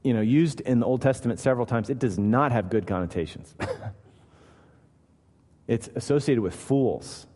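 Emphatic preacher in a reverberant hall. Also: male voice, mid-range voice, moderate pace, long pauses, warm tone. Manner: emphatic, asks the listeners rhetorical questions. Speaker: pastor. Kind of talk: sermon.

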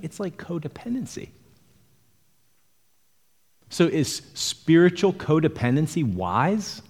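A man's voice: on the high side, darkish tone, in a large hall. A male pastor preaching an earnest expository sermon, explaining scripture verse by verse to his congregation.

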